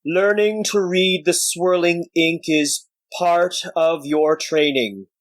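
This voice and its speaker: Bak Fei, a man doing a slow sad giant monk. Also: fairly high pitch, no room sound, voice pushed up. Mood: solemn. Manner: slow, weighty, sorrowful delivery. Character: century-old giant warrior monk elder, sad and gruff.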